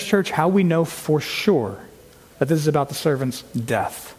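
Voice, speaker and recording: A man preaching an expository sermon to his church, slowing down to stress key words. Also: a little high, darkish tone. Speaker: pastor. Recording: long hall reverb.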